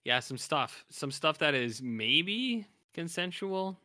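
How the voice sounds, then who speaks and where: Bright-voiced man recapping a film. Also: fairly high pitch, very animated, dry recording, clean studio sound. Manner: retells the plot with quick imitated voices of characters. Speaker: podcast co-host. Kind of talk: casual film recap chat.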